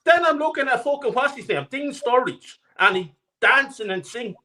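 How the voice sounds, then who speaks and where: A caller in his forties or older rings a live talk show and rants angrily, swearing constantly and repeating himself. His voice is extremely high-pitched and sharp, animated but at a moderate pace.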